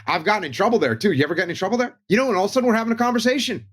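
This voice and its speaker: Emphatic man with a higher-than-usual voice who keeps driving the same points home, in a relaxed podcast chat. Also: rapid-fire. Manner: emphatic, repeats key points in lists. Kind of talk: casual teaching talk.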